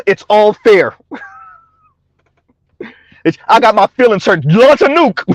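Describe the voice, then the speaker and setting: A high-voiced man, captured in a dry recording, hosts a casual commentary vlog. Talking directly to viewers, he mocks freely, laughs often and asks "right?" over and over.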